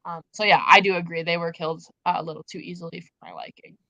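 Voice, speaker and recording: Bright-voiced young woman gushing about books. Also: fairly low pitch, fast, gravelly, lo-fi sound. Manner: gushing, emphatic, animated. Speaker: host. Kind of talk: casual book chat livestream.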